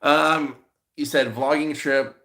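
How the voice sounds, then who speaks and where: On a live stream, a male vlogger chats casually with viewers and spins meandering stories full of restarts and fillers. His voice sits on the high side with fairly even intonation and a sharp tone, and he takes it slowly.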